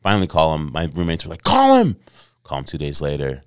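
A middle-aged man with a very deep, low voice tells a casual story as a podcast guest. He swears freely and acts out what other people said, all of it captured close and dry. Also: fairly even intonation, quick pace, clean tone, no echo.

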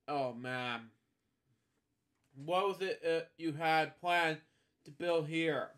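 A man reading a children's storybook aloud in a casual way. His voice is a little high, and he stumbles, repeats words, and keeps breaking off for offhand comments. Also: takes it slowly, long pauses, a bit bright. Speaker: storybook reader and host. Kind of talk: casual read-aloud with chatty asides.

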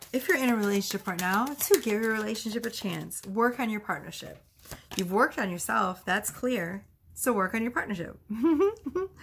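A woman with a gravelly, creaky voice giving a casual tarot reading at home. She talks in a chatty, loose way, laughs often, swears freely and sounds a little out of breath. Faint noise sits behind her. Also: medium pitch, fairly bright tone. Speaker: tarot reader.

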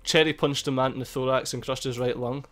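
A man giving casual, excitable gameplay commentary, swearing a lot and laughing at the game. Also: mid-range voice, fast talker. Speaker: gaming YouTuber. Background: faint game music.

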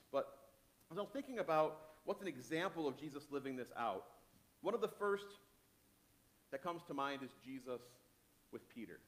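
Male pastor, mid-pitched, relaxed conversational sermon delivery, repeats key phrases, reads scripture aloud. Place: church worship service.

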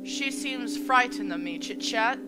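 A woman's voice: a little high, unhurried, loud music behind the voice, close to an everyday voice. A woman voicing a jittery, hungry talking pet bird that chatters and speaks in a folksy drawl. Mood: gossipy.

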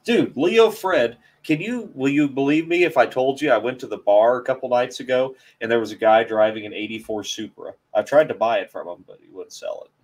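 A man's voice: medium pitch, brisk, hardly any pauses. A man hosting a car channel's live stream, chatting casually in a rambling, hesitant, self-deprecating way.

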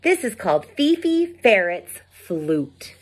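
A woman, a preschool teacher, reading a picture book aloud to young children and pausing for asides to them. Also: mid-range voice, big pitch swings. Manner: slow, drawn-out storytime voice with asides to the children.

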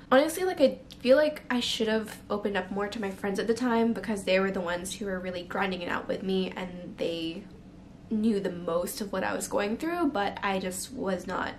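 A woman's voice: mid-range voice, slight background noise. A young woman telling a candid, emotional personal story to camera, close to tears at times and full of fillers. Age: young adult. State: near tears. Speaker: vlogger. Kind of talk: personal confessional vlog.

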